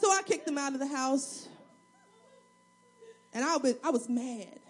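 A woman with a high voice delivers a sermon built around her own family story. She talks in an animated, humorous way, swinging between loud emphatic passages and quiet asides. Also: unhurried, faint music behind. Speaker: preacher; single mother of two.

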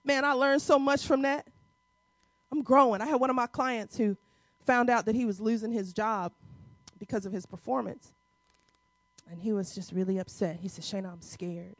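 A woman preaching a sermon to a congregation, emphatic and animated, in a casual vernacular style with calls to the crowd. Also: a little high, normal speed, pauses often, no echo. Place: church before a congregation.

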